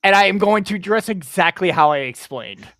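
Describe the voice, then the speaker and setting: A man's voice: high-pitched, lively intonation, normal speed, a bit bright. A man playing in a tabletop role-play podcast, chatting and laughing in a reassuring way. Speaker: player.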